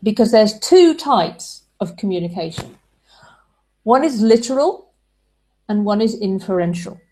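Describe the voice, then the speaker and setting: A woman's voice: medium pitch, lively intonation, a little slow, warm tone. Woman explaining relationship communication. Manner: explanatory, works through everyday examples. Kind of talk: relationship advice talk.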